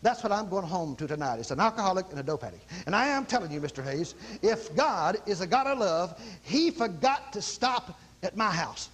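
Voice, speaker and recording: A man's voice: high-pitched, expressive, brisk, hardly any pauses, a bit bright, slight background noise, voice pushed down. A man voicing a bitter, weary atheist businessman who grumbles his complaints.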